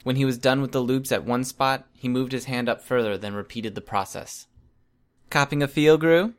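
A male storyteller reading a first-person story aloud. His pitch sits in an ordinary middle range. The delivery is steady and even from line to line. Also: fairly quick. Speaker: audiobook reader.

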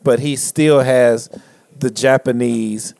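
A man in a casual chat, retelling a comedy bit in a lively way and laughing through it. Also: medium pitch, slow, gravelly, dry recording.

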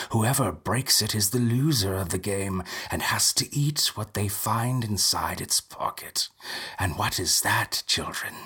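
A man voicing a mechanical male storyteller who warbles theatrically to children, in a slow, breathy voice. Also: lowish voice, a bit bright, full character voice.

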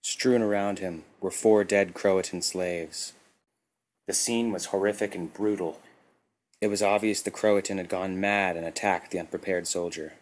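Low-voiced male storyteller. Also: steady tone, normal speed. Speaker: narrator. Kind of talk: scripted narration.

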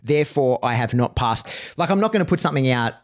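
A man's voice: mid-range voice, animated, fast talker. Rambling man chatting on a podcast. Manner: rambling, lots of "right?" and "like"; swears casually. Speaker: podcast host and dog trainer. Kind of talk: casual podcast chat.

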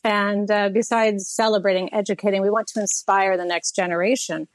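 A woman's voice: mid-range voice, steady tone, a little fast, no room sound. A middle-aged woman pilot answering interview questions earnestly, with a few fillers. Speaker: guest, airline pilot.

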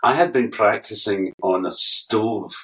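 An older Scottish man, a guest keyboard player, speaks a little slowly in a fairly low voice, sitting distant from the mic. He's an animated storyteller, telling rambling anecdotes, laughing often, and swearing freely.

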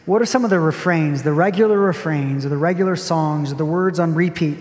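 A man preaching a sermon as a pastor, earnest and reflective, repeating key phrases with gentle emphasis. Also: on the high side, fairly quick. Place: church sanctuary. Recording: long hall reverb with soft music behind.

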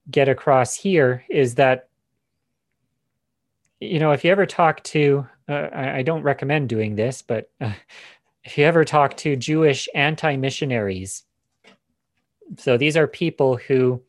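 A man's voice: medium pitch, no echo, clean studio sound. A man giving a Bible lesson, explaining passages with frequent fillers and restarts. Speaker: Bible teacher. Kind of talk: teaching session on scripture.

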